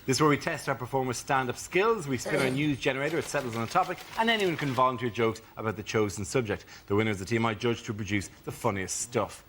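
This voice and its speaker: A man hosting a comedy panel show, briskly announcing rounds and topics. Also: mid-range voice. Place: TV studio before a live audience. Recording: TV studio with loud audience noise.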